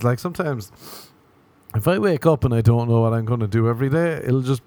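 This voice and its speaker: A man's voice: mid-range voice, quick pace, mellow, no room sound. A man with an Irish accent hosting his own podcast, rambling through a self-mocking comic monologue and slipping into acted inner voices. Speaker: podcast host.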